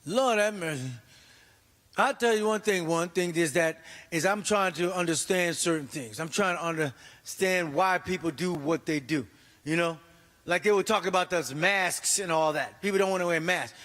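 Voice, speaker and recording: Animated comedian man, high voice. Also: normal speed, in a large hall. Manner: animated, exclaiming, acting out voices. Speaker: stand-up comedian. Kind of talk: stand-up comedy set. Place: church comedy stage.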